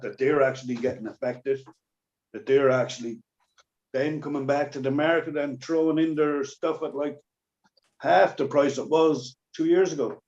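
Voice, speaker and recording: A man's voice: on the high side, darkish tone, lo-fi sound. A man in casual podcast chat, rambling along with lots of fillers and restarts.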